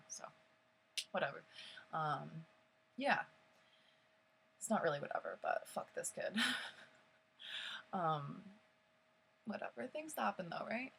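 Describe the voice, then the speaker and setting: A woman's voice: mid-range voice, vocal fry, a bit bright, breathy edge, low-quality recording. A young woman telling a personal story in casual vlog style, rambling with lots of fillers and swearing. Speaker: vlogger.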